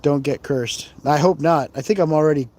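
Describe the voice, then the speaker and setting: A fairly high-pitched man speaks at a moderate pace, his voice a little mellow. He's hosting a ghost-hunting live stream outdoors among the graves of a cemetery, casually chatting while exploring and wandering off into laughs and asides.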